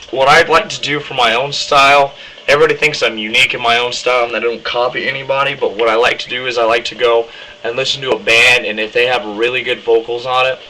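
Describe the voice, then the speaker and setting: A man's voice: medium pitch, sharp tone, slight background noise, poor audio. A young man casually explaining how he does his screamed metal vocals, rambling with lots of ums. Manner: rambling, many ums, demonstrates harsh screams. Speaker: vocalist teaching screaming technique.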